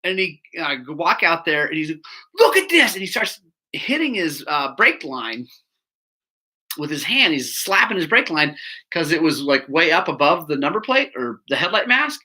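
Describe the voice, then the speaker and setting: A man's voice: a little high, moderate pace. A man who runs a bike shop, telling a rambling anecdote to his audience. He laughs often and interrupts himself. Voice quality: laughs often while telling stories, bleeps his own swearing. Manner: animated, rambling, self-interrupting anecdote teller. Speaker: bike shop owner and show host. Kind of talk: casual storytelling to a live audience.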